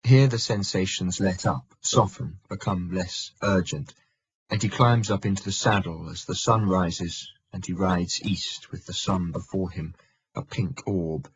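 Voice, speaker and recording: A man narrating a historical audiobook in a measured, steady manner. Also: sits low, slightly rough, poor audio. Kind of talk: scripted narration.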